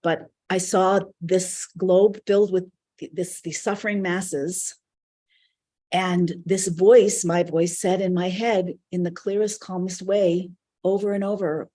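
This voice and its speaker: A woman with a mellow, husky voice leads a live online spiritual class. She talks earnestly and reflectively, in loose, flowing phrases. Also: on the low side, steady tone, unhurried. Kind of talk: live online teaching session.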